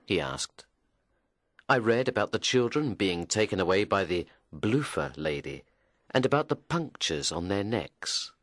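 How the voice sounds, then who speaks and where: Slow, lively-pitched male narrator. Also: dry recording, clean studio sound. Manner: slow, measured storytelling. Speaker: audiobook narrator. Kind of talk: scripted first-person narration.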